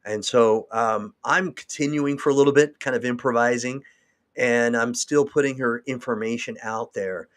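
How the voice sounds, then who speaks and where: A man's voice: mid-range voice, steady tone, normal speed. A man hosting a livestream, talking in a rambling, long-winded and emotional way. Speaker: host. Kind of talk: livestream talk.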